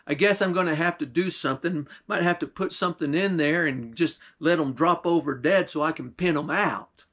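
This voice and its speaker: A man voicing a big lumbering male giant who collects bugs, with a slow, rumbling drawl. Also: a bit bright. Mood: suspicious.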